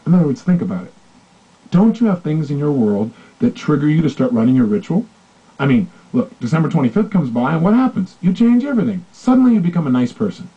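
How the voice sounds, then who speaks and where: A man giving a motivational seminar talk, animated and acting out conversations with shifting voices, in a dull lo-fi recording. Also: a little high, fast, husky. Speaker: motivational speaker.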